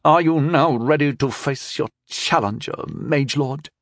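A man voicing a proud, blustering young knight who speaks gruffly and demands. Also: mid-range voice, a little slow, fairly bright tone, dry recording, clean studio sound, pitched above the performer's own voice. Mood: demanding.

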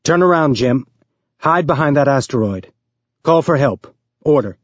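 A man's voice: medium pitch, animated, measured pace, no room sound, lo-fi sound. A man voicing a commanding male ship captain giving orders over a radio channel. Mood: urgent, commanding.

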